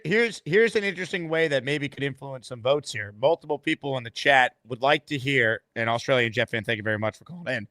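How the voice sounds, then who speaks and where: Upbeat guy hosting a live show, mid-pitch voice, dry close mic. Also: pushed and bright, dry recording. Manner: upbeat, laughs often, introduces callers. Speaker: host. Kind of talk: livestream talk show hosting.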